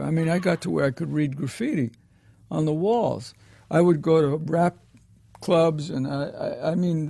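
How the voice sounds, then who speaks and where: Man, raised voice with gravel, rambling storyteller, film director in interview. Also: fairly high pitch, dark tone. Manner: rambling, digressive anecdote telling. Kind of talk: reminiscing interview answer.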